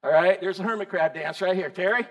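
High-voiced pastor preaching. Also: male voice, quick pace. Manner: lively, calls out to the congregation with questions. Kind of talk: sermon. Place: church.

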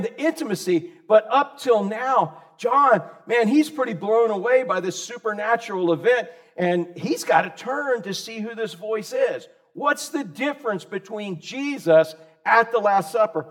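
Man, high voice, pastor, casual sermon, quizzes the congregation by name. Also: a bit bright. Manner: conversational, asks the congregation questions by name.

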